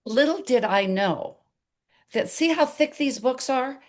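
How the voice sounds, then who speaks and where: An older woman as an interview guest, telling her story in an animated way and acting out the dialogue. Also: high voice, a little slow.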